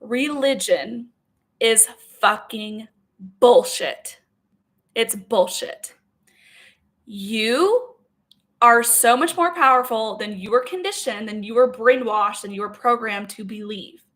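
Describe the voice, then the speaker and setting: Her voice is fairly high and fairly bright, paced in a measured way. As a spiritual self-help creator, she gives an emotional personal monologue that's blunt, emphatic and heavily profane, rambling in run-on sentences full of "like" and "okay?".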